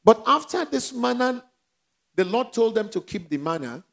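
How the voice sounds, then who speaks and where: A man's voice: very high-pitched, very animated, normal speed. A man with a Nigerian accent preaching a sermon, asking the church questions and letting them call back the answers. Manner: call-and-response preaching, rising and dropping in volume. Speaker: pastor.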